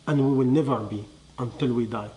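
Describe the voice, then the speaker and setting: A man giving a sermon to listeners, quizzing them with rhetorical questions and dropping to a hush on key phrases. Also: medium pitch, fairly quick. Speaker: religious teacher. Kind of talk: sermon to a live audience.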